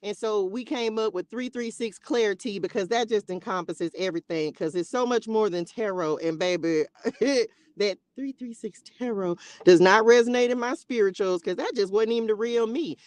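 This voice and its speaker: A woman's voice: mid-range voice, moderate pace, dry recording. A woman hosting a spiritual live stream, chatting casually and playfully with her viewers in a loose, slangy way.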